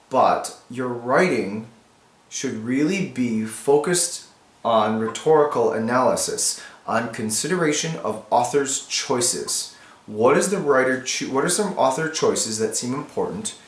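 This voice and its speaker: Male teacher, mid pitch, talks students through his notes casually; echoey room. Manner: thinking aloud, casual and explanatory. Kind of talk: annotating a text for students.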